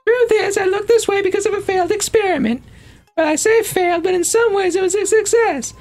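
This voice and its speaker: Man doing a shrill quirky genius woman. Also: a little fast, darkish tone. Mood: fussy. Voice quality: shrieking, shrill. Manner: over-the-top, quirky, fussy. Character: eccentric bossy old woman scientist who looks like a child.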